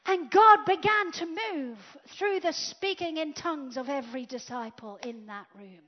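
A woman preaching a sermon, swinging from loud declarations to hushed whispers. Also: high-pitched, moderate pace, few pauses. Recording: dull lo-fi sound.

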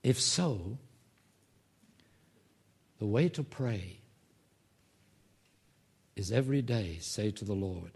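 Emphatic husky-voiced male pastor preaching. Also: on the low side, lively intonation, slow pace, long pauses. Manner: emphatic preaching, swells loud on key phrases. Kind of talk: sermon.

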